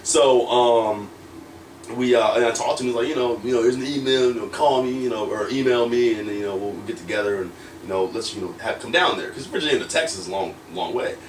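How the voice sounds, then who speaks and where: A wrestler being interviewed casually tells a story in a fast, mid-range voice, rambling, using lots of fillers and acting out quoted lines. He's distant from the mic, with roomy echo and faint background noise.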